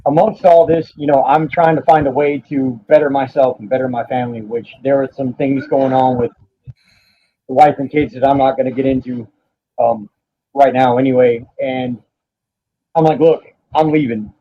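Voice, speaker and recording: A man, a podcast guest telling a painful personal story in a halting, profane way, stopping now and then to steady himself. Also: mid-range voice. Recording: dull lo-fi audio.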